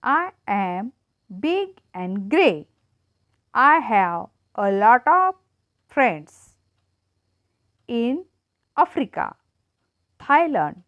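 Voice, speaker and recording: A woman teacher slowly reading animal riddles to children in an emphatic, sing-song way. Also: a little high, dry recording. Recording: dull lo-fi dry sound.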